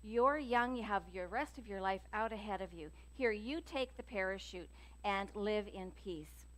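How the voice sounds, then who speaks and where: A woman voicing a kindly old male priest in a joke she tells, speaking gently and fatherly. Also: medium pitch, moderate pace, lightly acted. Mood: gentle.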